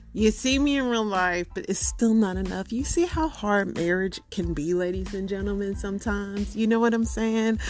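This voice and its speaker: Brief: young woman, solo podcast host, casual slangy storytelling, mid pitch, faint music under. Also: fairly bright tone. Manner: chatty, slangy, joking storyteller.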